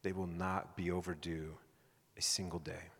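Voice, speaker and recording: Deep-voiced male pastor in a reverberant hall. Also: normal speed. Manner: animated storyteller, acting out quoted voices. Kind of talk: sermon with personal storytelling.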